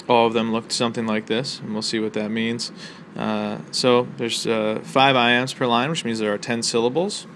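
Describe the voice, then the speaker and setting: A man with a gravelly, creaky voice walks students through a poetry lesson in a relaxed, explanatory way, often pausing on ums and uhs. He records from a small room with a faint hiss of air conditioning behind him. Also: medium pitch. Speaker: college English instructor.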